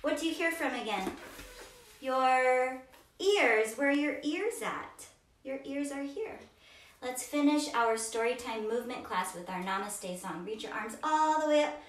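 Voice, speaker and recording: Slow, sing-song woman reading to kids. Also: high-pitched, lively intonation. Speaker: kids yoga teacher. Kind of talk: children's storytime read-aloud with movement. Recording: roomy, distant from mic.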